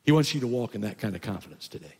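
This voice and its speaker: An older pastor delivers a sermon in a gravelly voice, now and then climbing into loud, high-pitched emphasis. His words ring out in a church sanctuary with a long, trailing reverb. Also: animated, racing.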